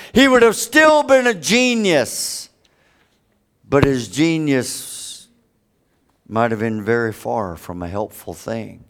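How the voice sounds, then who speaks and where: A man preaching a sermon, with big dramatic swings from loud high peaks to hushed low stretches. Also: lively intonation, takes it slowly, clear, resonant tone.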